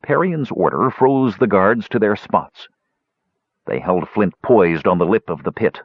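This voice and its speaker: Husky-voiced man narrating a fantasy audiobook. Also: on the low side, animated, measured pace, no echo, lo-fi sound. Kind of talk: scripted narration.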